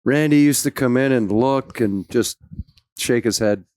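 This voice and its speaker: A man telling locker-room stories in a relaxed chat, laughing often and acting out what others said. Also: mid-range voice, unhurried, no echo, clean studio sound. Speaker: former hockey player guest. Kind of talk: casual storytelling.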